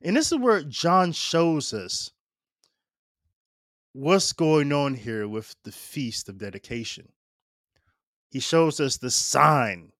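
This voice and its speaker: A man's voice: fairly high pitch, expressive, slow pace, long pauses, a bit bright, no echo, studio quality. A man preaching a casual, conversational homily, often checking in with his listeners and using plenty of fillers. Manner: chatty, keeps asking "right?" with fillers and laughs.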